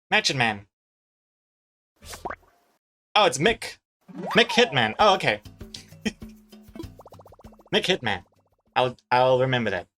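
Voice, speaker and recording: A man's voice: fairly high pitch, bright, forceful tone. A young man from New Zealand with a mixed, slightly American-sounding accent, chatting casually on a live stream while he draws, reading chat messages aloud and laughing easily. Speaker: webcomic artist and streamer.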